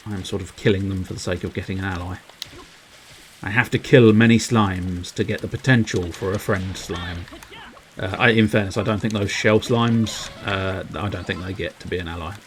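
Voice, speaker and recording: A man with a fairly low voice streams a game while chatting loosely with his viewers. He rambles along, slips into cheeky double meanings and laughs at his own asides, with a faint patter of rain behind him. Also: fairly even intonation, normal speed, slight background noise, rough recording. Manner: rambling, playful innuendo, chats to viewers. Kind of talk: casual livestream commentary.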